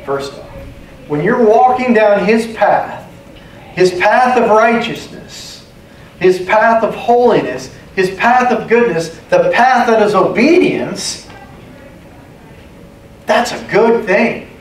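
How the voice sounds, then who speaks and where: A man's voice: sits high, lively intonation, slow, slight background noise. A man preaching a sermon as pastor, emphatic, repeating key phrases and calling for amens. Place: church sanctuary. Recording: echoey room, distant mic, faint ambience.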